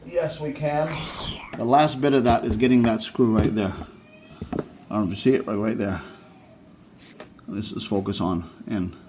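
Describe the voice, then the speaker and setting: A man's voice: lowish voice, moderate pace, pauses often, darkish tone, a little hiss or hum. Chatty man rambling through a repair. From United States. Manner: rambling, chatty, self-correcting. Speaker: DIY vlogger. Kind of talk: casual how-to vlog. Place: garage or yard, working on a scooter.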